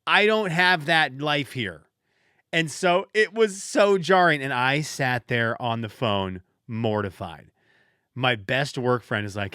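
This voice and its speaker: A man hosts a solo podcast, close to the mic, telling rambling, self-deprecating stories and often restarting. His mid-range voice is slow, bright, forceful, clear and resonant with lively intonation, in a dry recording.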